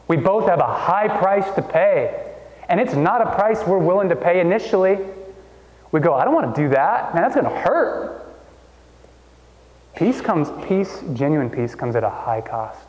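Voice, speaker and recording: A man in his thirties preaching a sermon in a church, conversational and animated, jumping up in pitch to make a point. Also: normal speed, lo-fi sound. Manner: conversational, animated storytelling with sudden pitch jumps. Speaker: pastor. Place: church hall. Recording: long hall reverb.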